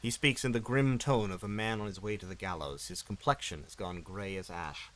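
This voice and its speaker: A man's voice: lowish voice, expressive, normal speed, hardly any pauses, poor audio. Guy doing a let's play, reads the game text, chatty and jokey, corrects himself a lot. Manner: chatty, self-correcting, playful. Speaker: gaming channel host.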